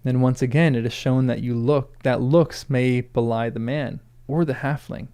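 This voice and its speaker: A man reading a cold, suspicious old lord's lines aloud in his own gravelly voice, slow and measured. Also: medium pitch, fairly even intonation, warm tone, lightly acted. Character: stern old male lord, cold and suspicious.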